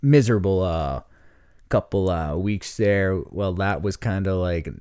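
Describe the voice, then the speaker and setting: A man's voice: sits low, measured pace, a little mellow, smooth, no room sound, studio quality. A young man hosting a solo comedy podcast, telling a rambling story with lots of fillers and laughter. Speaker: podcast host.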